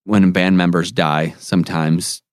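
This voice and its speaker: A man co-hosting a casual comedy podcast about music, joking around and throwing in quick reactions. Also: low-pitched, level tone, clean tone, dry recording, clean studio sound. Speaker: podcast co-host.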